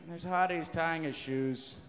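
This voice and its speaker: A man on stage telling a loose, profane story between songs, with bursts of shouting. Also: fairly high pitch, steady tone, unhurried. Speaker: comedy band frontman. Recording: live hall reverb, faint noise.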